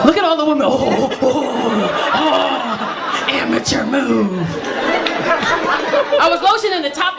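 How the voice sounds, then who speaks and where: A woman's voice: fairly high pitch, heavy background noise. A woman doing a stand-up comedy set on stage, telling brash, bawdy stories and acting out voices. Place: comedy stage before a live audience. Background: audience laughter.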